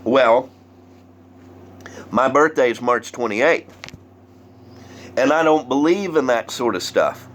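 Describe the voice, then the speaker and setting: A man's voice: mid-range voice, a little slow, pauses often, slight background noise. A man telling a personal story, acting out the quotes and dropping to whispers. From Southern United States. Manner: animated, acts out quotes, drops to whispers. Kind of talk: spoken story performance.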